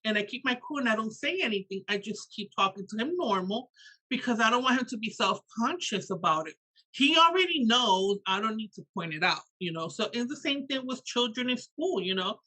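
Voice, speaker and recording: Guest voice: animated Puerto Rican woman, middle-aged, bright tone, filler-heavy casual talk. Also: on the high side, a little fast, rough recording. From Puerto Rico. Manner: animated, lots of "you know" fillers. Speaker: guest author and educator. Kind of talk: casual interview conversation.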